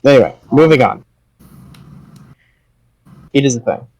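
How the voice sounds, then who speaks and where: A man's voice: medium pitch, animated, unhurried, darkish tone, poor audio. Man narrating as game master. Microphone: online voice chat.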